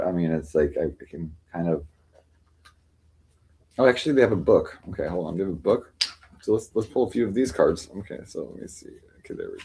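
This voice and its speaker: Low, mellow-voiced man rambling on a livestream. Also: low-quality recording. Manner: rambling, filler-heavy, reads lists aloud. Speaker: livestream host reading cards. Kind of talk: casual livestream chat. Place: home.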